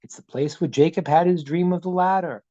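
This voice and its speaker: A man's voice: fairly high pitch, a little fast, warm tone, no room sound, muffled recording. A man teaching as a rabbi over a video call, earnest, repeating words as he builds a point and retelling stories with dialogue. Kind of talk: Zoom teaching talk.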